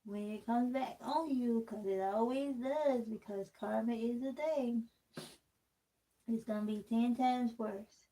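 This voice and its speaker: A woman's voice: a little high, a little slow, warm tone, rough recording. A woman vlogging casually while taking out her braids, candid and rambling, with a distinctive voice that people comment on. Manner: candid, rambling, talks straight to the camera.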